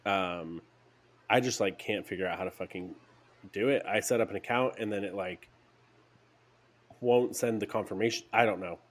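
A man's voice: on the low side, normal speed, pauses often. A man co-hosting a casual chat podcast, blunt and given to exasperated ranting with heavy swearing. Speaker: podcast co-host.

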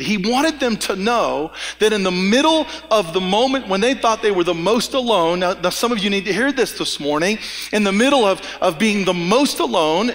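Pastor guy preaching, fairly high voice, casual storyteller, long hall echo. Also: lively intonation, normal speed, fairly bright tone. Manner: storytelling, acts out dialogue with a conversational tone. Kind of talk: sermon. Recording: long reverb of a church hall.

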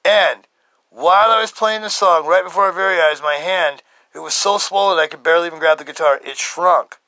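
Excitable fifty-something man telling a story. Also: fairly high pitch, fairly quick, no room sound. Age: 50s. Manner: excitable, swearing, laughing often. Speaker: podcast host. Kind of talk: casual storytelling monologue.

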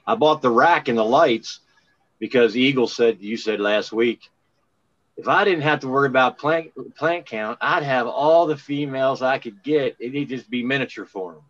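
A man from Maryland in casual podcast chat, rambling and halting with frequent restarts. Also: mid-range voice, fairly bright tone. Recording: muffled lo-fi sound.

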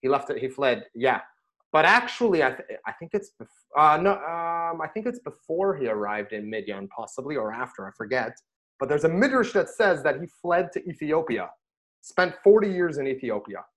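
A middle-aged man, a rabbi, chatting casually about scripture and telling stories with lively bursts when he quotes himself. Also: fairly high pitch, normal speed. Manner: animated storyteller, rises sharply when quoting himself. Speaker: rabbi and podcast host. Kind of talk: casual Torah discussion and storytelling.

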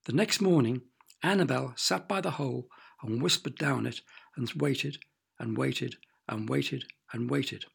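A man narrating a children's storybook with expressive, playful sound effects. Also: mid-range voice, measured pace, vocal fry, slightly rough.

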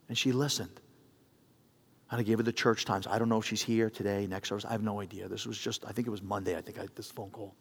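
Middle-aged pastor in a reverberant church. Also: male voice, fairly low pitch, fast. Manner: animated, acts out phone voices, builds to appeals. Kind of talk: sermon with storytelling. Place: church sanctuary. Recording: long reverb of a church hall.

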